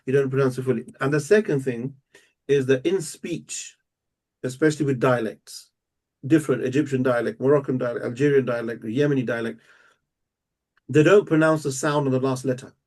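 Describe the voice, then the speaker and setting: Male language teacher, patient and methodical, drills words slowly. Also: mid-range voice, a little mellow. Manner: patient, explains step by step, repeats words slowly. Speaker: Arabic teacher. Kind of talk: live one-on-one language lesson.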